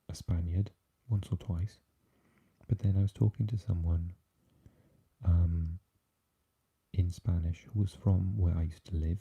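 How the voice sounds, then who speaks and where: A Welsh man hosting a whispered ASMR live chat, talking softly and haltingly with lots of fillers as he answers viewers. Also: low voice, creaky, slightly rough. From Wales. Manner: soft and halting, with many fillers, chatting with viewers. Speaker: ASMR livestream host.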